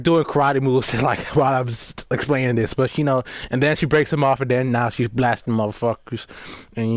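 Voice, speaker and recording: A man's voice: a little high, no room sound. A young man of about nineteen, casually recapping a movie while playing a game, rambling and swearing with lots of laughs and fillers. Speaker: gaming vlogger.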